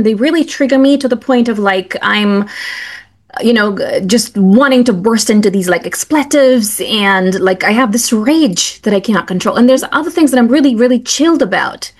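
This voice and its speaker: A woman hosts a podcast in a casual, candid way. She talks hesitantly and fills her sentences with fillers while she searches for the right words. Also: on the high side. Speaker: podcast host. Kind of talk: casual interview conversation.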